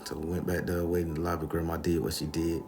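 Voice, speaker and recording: Gravelly low-voiced guy telling a creepy story, cussing a lot, talking right to the audience. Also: level tone, quick pace, darkish tone, a little hiss or hum. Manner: casual, profane, addresses listeners directly. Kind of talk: comedic spoken storytelling.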